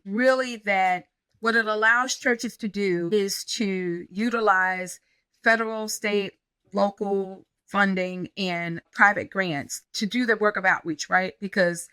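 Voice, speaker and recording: A woman pastor in an interview, telling stories in an animated way and acting out the dialogue she quotes. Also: medium pitch, no room sound. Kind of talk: conversational interview storytelling.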